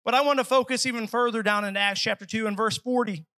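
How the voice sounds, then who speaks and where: A man with a very high, bright voice preaches a sermon at a church service. He is earnest and dramatic, slipping into pleading voices, and the sound is dry and close. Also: fairly even intonation, fast talker, dry recording, poor audio.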